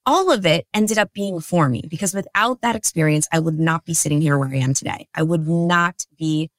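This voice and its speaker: A woman in her thirties hosting a podcast, telling a story about herself in a chatty, animated, self-deprecating way. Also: deep voice, a little fast, no room sound. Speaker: podcast host. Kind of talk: casual storytelling monologue.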